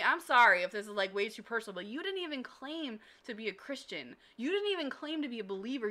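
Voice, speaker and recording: A woman's voice: high voice, sharp tone. A woman hosting a devotional livestream, talking while walking, emotional and gushing as she reads chat aloud. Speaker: Christian community host.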